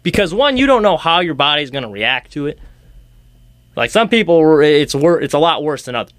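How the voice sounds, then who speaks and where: A man's voice: a little high, big pitch swings, fairly quick, a bit bright, no room sound. A young man hosting a casual sports talk show, rambling and ranting with sarcastic jabs. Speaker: sports podcast host.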